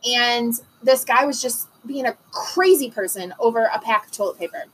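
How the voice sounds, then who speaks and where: A woman from Detroit telling a story in casual chat, animated and full of fillers, acting out the lines she quotes. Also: on the high side, normal speed, a little hiss or hum, rough recording.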